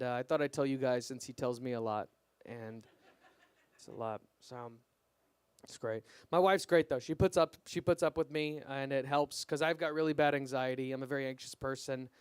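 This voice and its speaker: A young man performing a stand-up comedy set at an open mic, deadpan and self-deprecating, his punchlines trailing off quietly. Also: mid-range voice, normal speed, smooth, dry recording. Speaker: stand-up comic.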